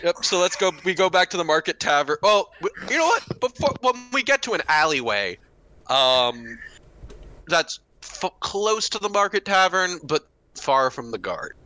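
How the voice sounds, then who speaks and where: A man's voice: high-pitched, big pitch swings, a little slow, bright, forceful tone. A man playing a tabletop game, eager and upbeat as he narrates his character's moves. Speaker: player.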